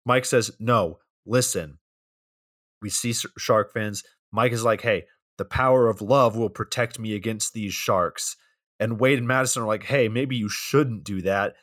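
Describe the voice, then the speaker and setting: A man co-hosting a podcast, recapping a movie plot in a deadpan, matter-of-fact way with casual swearing. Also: fairly low pitch, moderate pace, no room sound, clean studio sound.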